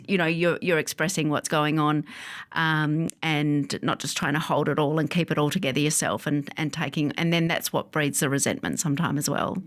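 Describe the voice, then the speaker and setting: A woman, a psychologist speaking calmly and reassuringly in a podcast interview, with frequent fillers. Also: sits low. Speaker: psychologist guest.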